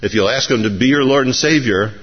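Excitable preacher man, dull recording. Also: medium pitch, a little fast, breathy edge. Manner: excitable preacher, rising to emphatic appeals. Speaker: pastor. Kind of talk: sermon. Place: church sanctuary.

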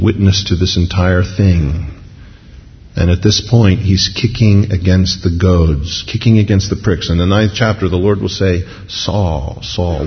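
A man preaching a sermon, telling the story in a lively way and acting out what people in it say. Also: deep voice, creaky, slight background noise. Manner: animated storytelling, acting out crowd voices. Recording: dull sound in a large reverberant hall.

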